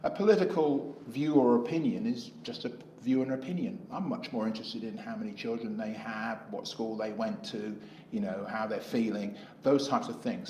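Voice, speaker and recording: A man's voice: fairly low pitch, roomy sound, a little hiss or hum, rough recording. A middle-aged man with an English accent, an independent election candidate answering interview questions in a rambling way, acting out dialogue as he tells stories. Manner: rambling, acts out dialogue in anecdotes.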